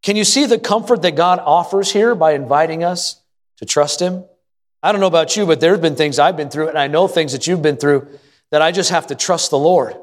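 A man's voice: fairly high pitch, brisk. Folksy preaching man in a reverberant church. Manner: folksy storytelling preaching with rhetorical questions to the congregation. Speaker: pastor. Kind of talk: sermon. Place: church sanctuary. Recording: long hall reverb.

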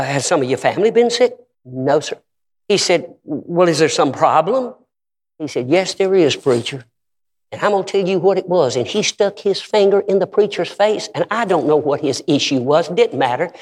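A man preaching a sermon, telling stories with acted-out quotes and rising at times to shouts. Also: fairly high pitch, breathy edge, big-room sound. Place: church sanctuary.

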